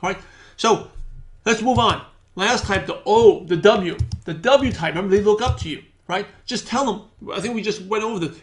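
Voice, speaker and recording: High-voiced man giving an energetic sales training. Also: a little fast. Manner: energetic, repeats himself, acts out sample calls. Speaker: business trainer.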